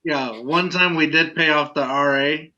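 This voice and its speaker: A man's voice: fairly high pitch, unhurried, pushed and bright, highs cut off. A man co-hosting a podcast, rambling through a story in casual chat and laughing along. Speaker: podcast co-host.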